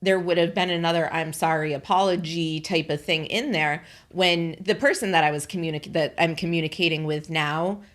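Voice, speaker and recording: Lower-voiced woman co-host, exasperated. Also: moderate pace, hardly any pauses. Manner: animated, exasperated storytelling with laughs. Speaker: podcast co-host. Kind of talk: casual chat.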